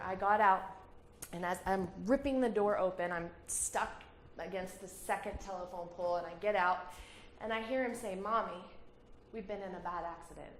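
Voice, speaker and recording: Guest speaker: woman, thirties, animated storyteller, roomy hall sound. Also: medium pitch, slight background noise. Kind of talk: personal storytelling talk. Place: community hall. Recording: roomy hall with faint ambience.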